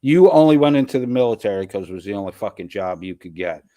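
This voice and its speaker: A congested man with a sore throat runs a casual livestream. He reads chat comments aloud in a profane, rambling way. His voice sits low, and the sound is dry and close. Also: lively intonation, fast talker, warm tone, dry recording. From US East Coast. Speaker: livestream host. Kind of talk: casual live-stream chat reading comments.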